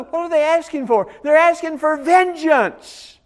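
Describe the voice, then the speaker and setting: A man preaching a Bible study sermon as pastor, emphatic, swinging between loud declarations and soft asides, often repeating words as he starts a phrase. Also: very high voice, a little slow.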